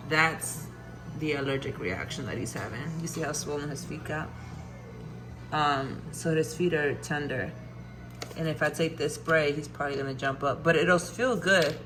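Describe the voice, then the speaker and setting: A woman dog vlogger chatting casually, coaxing her dog in a soft voice and telling the story in lively slang. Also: deep voice. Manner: animated, swearing slang. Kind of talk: casual vlog chat.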